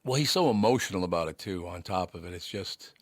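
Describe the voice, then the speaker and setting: A man with a somewhat low voice chats casually about sports. He reminisces and tells anecdotes from his broadcasting days in an easy conversational way. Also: expressive, quick pace.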